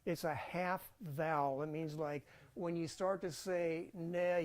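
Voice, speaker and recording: A man's voice: a little high, fairly even intonation, takes it slowly. A man teaching a Bible college class in a casual lecture style, thinking aloud with fillers and restarts.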